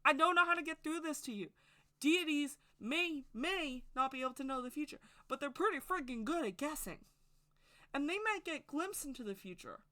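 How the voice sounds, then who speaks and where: A woman's voice: high-pitched, animated, moderate pace, sharp tone. A woman giving a casual, rambling opinion monologue to camera as a witchcraft video creator, speaking emphatically and straight to her viewers.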